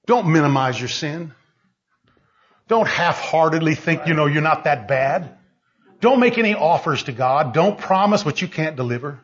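A man preaching a fiery sermon, pleading and shouting at the peaks, then dropping low and quiet. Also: animated, normal speed, dull audio.

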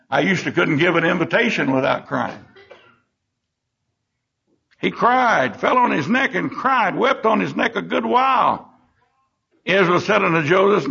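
A man's voice: high-pitched, vocal fry, fairly bright tone, breathy edge. An older man teaching a Bible lesson in a folksy, emotional way, acting out the scenes as he goes. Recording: dull lo-fi recording.

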